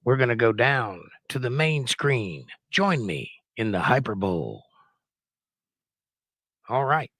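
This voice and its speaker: A Southern man mocks news clips in a sarcastic, theatrical announcer style. His voice is bright and forceful. The sound is dry and close. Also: mid-range voice, no room sound. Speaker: guest commentator. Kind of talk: mocking commentary over news clips.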